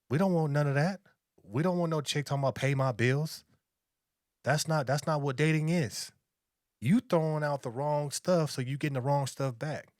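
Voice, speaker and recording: A man's voice: medium pitch, no room sound, clean studio sound. A man, lecturing and repeating himself as he reacts to a video. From Long Beach, California. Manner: lecturing, preachy, repetitive. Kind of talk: reaction commentary.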